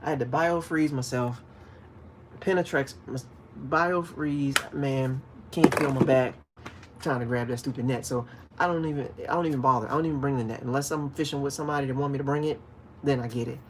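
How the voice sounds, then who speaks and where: A man hosting a casual fishing livestream, chatting with viewers and acting out stories with sudden loud calls. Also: medium pitch, a little fast, a little hiss or hum. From DC, Maryland, Virginia area. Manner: animated storytelling, acts out shouted calls. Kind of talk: casual livestream chat, reading viewer comments.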